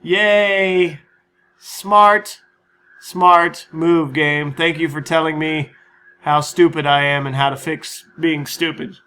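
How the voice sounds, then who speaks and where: A man with a fairly high, forceful, bright voice talks loosely over his own gameplay and channel news. He rambles, mocks his own play and swears freely, in an easy, casual manner. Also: flat delivery, normal speed. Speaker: gaming channel host. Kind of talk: casual let's-play commentary and channel update.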